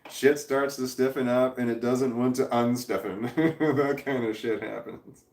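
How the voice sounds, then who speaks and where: A man in his forties with a medium-pitched, somewhat dark voice chats casually on a livestream, reading viewers' messages. His intonation stays fairly even and his pace measured as he rambles, swears freely and chuckles. The sound is roomy, picked up by a distant mic.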